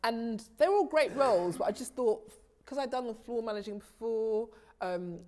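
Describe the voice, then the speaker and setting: A woman, a TV director, telling animated stories about her career as an interview guest, often restarting her sentences and laughing easily. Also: a little high, moderate pace, a little hiss or hum. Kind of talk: casual interview storytelling.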